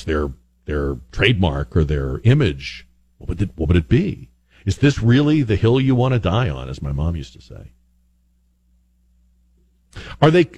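A man hosting an opinion talk show, delivering a sarcastic, mocking monologue with exaggerated high-pitched asides. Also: darkish tone. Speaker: political commentary host.

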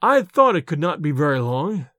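A man's voice: a little high, big pitch swings, normal speed, sharp tone, dry recording, clean studio sound. A man reading an audiobook and voicing a shaken, secretive male scholar who speaks in a faltering, breathless way. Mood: musing. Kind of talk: audiobook character voice.

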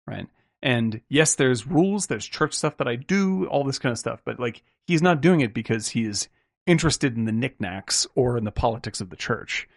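A man with a gravelly, creaky voice talks his way loosely through a film discussion, piling on fillers and tag questions. The recording is dry and close, with no room sound. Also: medium pitch, lively intonation, moderate pace, no echo. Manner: rambling, many "like" and "right?" fillers, swears casually. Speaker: film podcast host.

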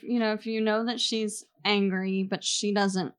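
A woman's voice: medium pitch, flat delivery, a little slow. A woman on a panel, thinking aloud with many fillers and some laughter. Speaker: panel guest, author. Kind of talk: casual panel answer.

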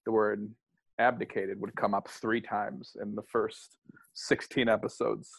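A man's voice: fairly low pitch, flat delivery, a little slow, vocal fry, slightly rough, no room sound. A man with a Chicago accent co-hosting a casual podcast, delivering dry, understated jokes. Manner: dry, wry and understated humor. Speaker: podcast co-host. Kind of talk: casual chat.

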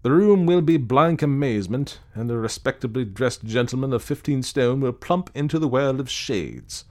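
A man voicing a confident, jovial heavyset gentleman who speaks in a breezy, self-assured way. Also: medium pitch, lively intonation, moderate pace, voice pushed up, close to an everyday voice.

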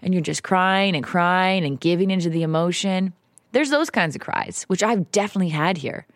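A woman with a lowish voice records an unscripted solo podcast at home, talking in a raw, confessional way. She mocks herself and swears now and then. The sound is dry and close, with no room around it. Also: normal speed, no room sound. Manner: confessional, emotional, swearing, self-mocking. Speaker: podcast host. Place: house in the woods, alone. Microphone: home setup, popping p's.

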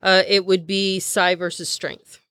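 A woman playing a tabletop game, speaking in a calm, matter-of-fact way. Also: mid-range voice, unhurried, clear, resonant tone, no echo, studio quality. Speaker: player. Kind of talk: casual tabletop game play.

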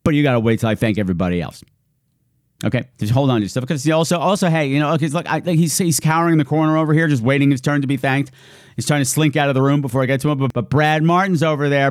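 A man's voice: fairly high pitch, no echo, studio quality. A man hosting his podcast, reading out thank-yous in a playful, giddy way with hammy announcer flourishes. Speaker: podcast host. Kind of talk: casual thank-you shout-outs.

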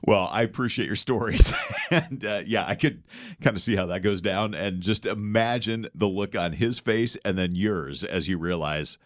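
A man's voice: on the low side, moderate pace, dry recording. A man co-hosting a morning radio show in casual chat, easygoing, chuckling and giving short replies.

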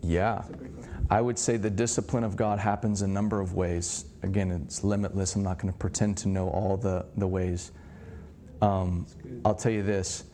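A middle-aged man preaching with animated storytelling, acting out the dialogue of his stories. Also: low voice, normal speed, a little hiss or hum. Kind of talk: sermon-style teaching.

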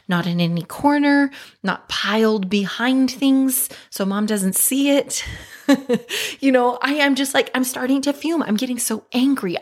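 Candid, conversational middle-aged woman. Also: mid-range voice. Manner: candid, self-reflective, conversational with frequent "right?" and "like". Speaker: mother and life coach. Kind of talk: reflective personal storytelling.

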